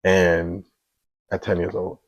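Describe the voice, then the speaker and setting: A man's voice: deep voice, flat delivery, slow, creaky, rough recording. A man in his thirties giving a candid personal faith testimony, earnest and confessional, with many "you know" asides. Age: 30s.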